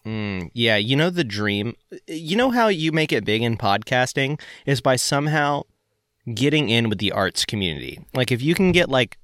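A man's voice: mid-range voice, big pitch swings, moderate pace, a bit bright, no room sound, studio quality. Rambling Southern man hosting a podcast. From northern Florida. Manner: rambling, joking, many fillers. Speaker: podcast host. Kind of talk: casual chat.

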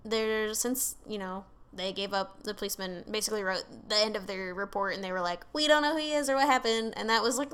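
A woman with a gravelly, medium-pitched voice and a fairly bright tone co-hosts a podcast from a remote call. She tells a case in a rambling, casual chat crowded with fillers, side comments, and the odd swear.

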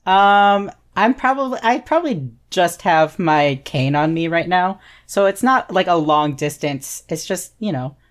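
A woman's voice: lowish voice, lively intonation, measured pace, few pauses. A woman playing a tabletop game, casual and hesitant, thinking aloud. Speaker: player.

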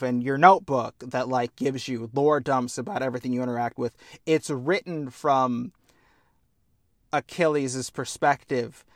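A man's voice: medium pitch, no echo, clean studio sound. A man casually chatting about a video game on a podcast, earnest and heartfelt, with a self-deprecating sense of humor. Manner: earnest, heartfelt, animated storytelling. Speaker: podcast co-host.

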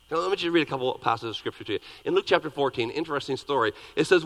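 A male pastor preaches in a large hall, his bright, forceful voice ringing with long reverb. He reads scripture dramatically and then talks plainly to the congregation, with big swings between loud and soft. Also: mid-range voice, very fast, few pauses. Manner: lively, dramatic reading with big swings in loudness. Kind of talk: sermon.

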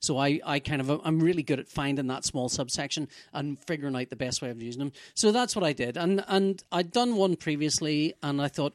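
A man's voice: fairly high pitch, expressive, fairly quick, no room sound. A man co-hosting a casual chat, telling stories in a rambling, self-deprecating way. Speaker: podcast co-host, comic artist.

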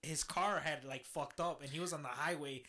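A man's voice: a little high, moderate pace, pushed and bright. A man telling a road-trip story in a casual chat, swearing freely and laughing as he goes.

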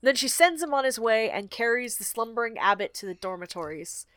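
Laughing, high-voiced woman podcast co-host. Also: lively intonation, fairly quick, a bit bright, no room sound, studio quality. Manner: laughing, swears freely, acts out lines. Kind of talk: casual book discussion.

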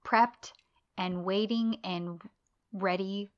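A woman's voice: medium pitch, fairly even intonation, slow, highs cut off. A woman co-hosting a podcast, gushing emphatically about a show's characters in casual chat. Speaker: podcast co-host.

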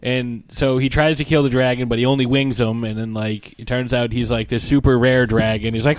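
A man's voice: medium pitch, steady tone, moderate pace, no room sound. A man co-hosting a podcast, ranting in a casual, irreverent and profane way. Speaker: podcast co-host.

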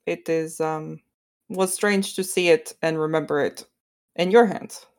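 A woman voicing a stern, formal woman spear warrior in a tabletop game, speaking in a measured way without contractions. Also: deep voice, fairly even intonation. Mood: reflective.

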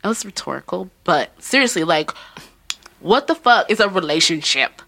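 A woman's voice: on the low side, sing-song, normal speed, creaky, pushed and bright. A woman hosting a casual podcast, talking loosely, swearing and laughing often. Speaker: podcast host.

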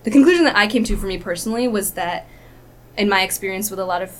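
A woman from the United States talking quickly and loosely in a relaxed podcast conversation. She rambles, stacking up asides and fillers as she goes. A faint hum of room noise sits behind her. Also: mid-range voice. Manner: fast, rambling, frequent "like". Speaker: podcast guest, filmmaker. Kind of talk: casual chat.

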